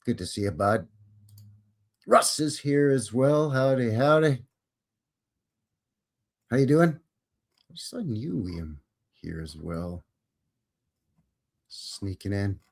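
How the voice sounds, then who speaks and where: A man's voice: medium pitch, expressive, takes it slowly, gravelly, pauses often. A Canadian man hosting a live stream in a folksy, jokey, casual way. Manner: folksy, jokey, greets viewers by name. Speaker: host.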